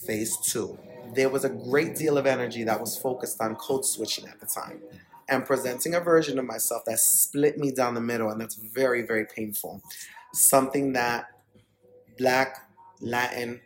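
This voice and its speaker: A man's voice: medium pitch, steady tone, normal speed, poor audio. A man from the Bronx, New York, guest on a podcast, telling his own story with emphatic, candid, freely swearing delivery. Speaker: podcast guest, startup CEO. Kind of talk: storytelling in an interview.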